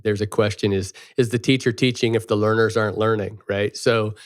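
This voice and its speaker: Earnest man with halting restarts. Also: lowish voice, fairly even intonation, no room sound, studio quality. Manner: earnest, hesitant, with frequent restarts. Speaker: podcast co-host. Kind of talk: casual conversation.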